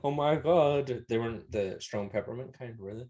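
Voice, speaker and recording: A man's voice: mid-range voice, normal speed, dark tone. A man with a Northern Irish accent co-hosting a podcast, retelling film scenes in casual, swearing, laugh-filled chat. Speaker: podcast co-host.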